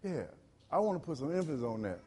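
A male pastor, preaching a sermon in call-and-response style. He repeats phrases and swings from loud to low. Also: very animated, fast, husky, big-room sound.

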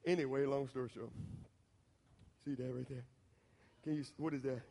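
A man with a Southern American accent who preaches a storytelling sermon. He talks straight to the listeners in a folksy way, and at times his voice builds into shouting. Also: medium pitch, steady tone, moderate pace, creaky, in a large hall. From Southern United States.

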